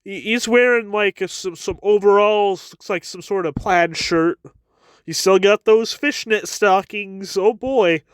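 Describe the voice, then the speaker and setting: A man's voice: high-pitched, a little slow, clear, resonant tone, dry recording. A man giving a casual chapter review with wry asides, often stammering and repeating his words.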